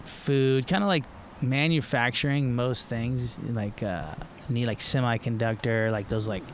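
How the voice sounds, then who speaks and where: A man's voice: mid-range voice, unhurried, slight background noise. A middle-aged man from Florida, a pro surfer guest, talking in a loose, rambling way with lots of fillers and restarts. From Florida, USA. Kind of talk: casual podcast conversation.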